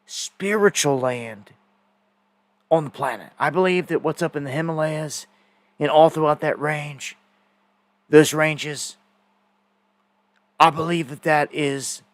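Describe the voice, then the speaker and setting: Male stream host, casual rambling storyteller, somewhat high voice, dead-dry sound. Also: no room sound. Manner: rambling storytelling with fillers and repeated words. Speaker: host of a live news stream. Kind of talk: casual live-stream monologue.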